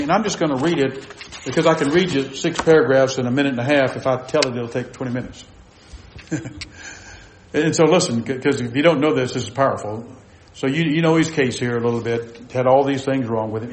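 A man preaching a sermon with fervor, dropping to soft asides and rising to loud exclamations. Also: medium pitch, roomy sound, poor audio. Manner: fervent, swings from soft to loud.

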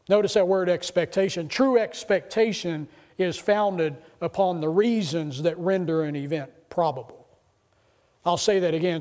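A middle-aged male pastor delivers a sermon in a notably high voice. He tells stories casually, then builds into excited, emphatic preaching. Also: normal speed. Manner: conversational testimony rising to excited preaching.

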